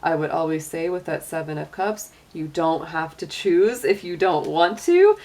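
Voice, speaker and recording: A woman's voice: low voice, expressive, normal speed, darkish tone. A middle-aged woman giving a casual tarot reading, chatty and encouraging, with lots of "um" and "you know". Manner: chatty and encouraging, many fillers. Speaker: tarot and astrology reader.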